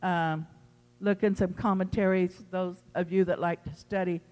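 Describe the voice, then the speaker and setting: A pastor preaching a sermon to his congregation in an impassioned, emphatic way, swinging between loud pleading and quiet teaching. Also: high voice, fairly even intonation, normal speed, big-room sound. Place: church sanctuary.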